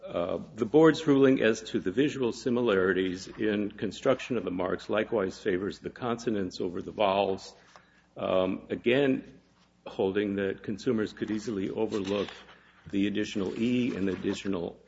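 A man presenting an oral argument in a courtroom as an appellate attorney, formal and measured with some hesitant fillers. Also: on the low side, vocal fry, darkish tone. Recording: dull lo-fi courtroom audio.

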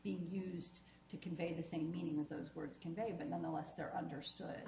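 A woman's voice: lowish voice, fairly even intonation, a little fast, vocal fry, warm tone. A woman, an appellate judge, questioning a lawyer from the bench in a blunt, wry, conversational way. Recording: roomy, dull courtroom audio with faint noise.

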